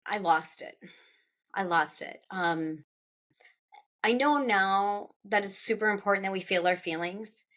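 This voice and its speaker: A middle-aged woman, an author being interviewed, recounting a personal loss in a halting, emotional way, with restarts and pauses and her voice rising at the hardest moments. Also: mid-range voice, a bit bright. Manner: halting, with restarts and pauses; voice rises when recalling distress.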